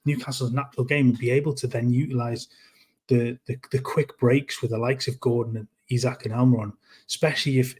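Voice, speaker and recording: Breathy at the edges and a little mellow, this mid-range male voice belongs to a football podcast co-host from North East England. In casual conversation he keeps stopping, restarting sentences and repeating words.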